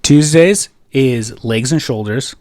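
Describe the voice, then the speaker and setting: A man's voice: medium pitch, slow pace, a little mellow, dry recording. A young man from California on a podcast, telling a story in a rambling, profane way full of filler words. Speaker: podcast co-host. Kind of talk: casual podcast chat.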